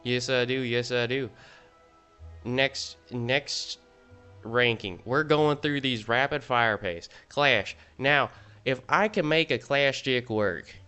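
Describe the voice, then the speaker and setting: A man's voice: mid-range voice, takes it slowly, bright, forceful tone, clean tone, faint music behind. A man putting on a Southern US accent to play a boastful, pompous self-styled intellectual in a comedic gaming video. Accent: Southern US (put on). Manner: pompous, drawling mock-serious pronouncements. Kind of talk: comedic put-on voice in gaming commentary.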